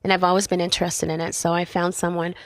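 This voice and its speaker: Woman, middle-aged, from canada, podcast guest, lower voice, dry close sound, lively storyteller. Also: fast talker, no echo. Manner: animated storytelling, acting out voices in quotes. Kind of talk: personal faith story in conversation.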